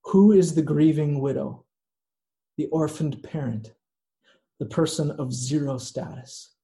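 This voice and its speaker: A man preaching a sermon in a slow, earnest way, with dramatic pauses. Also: a little high, dark tone. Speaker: pastor.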